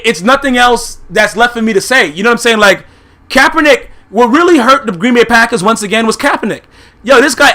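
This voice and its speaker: A man's voice: extremely high pitch, sharp tone. A man giving a heated, profane recap of football games, blunt and full of filler phrases. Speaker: YouTube sports commentator.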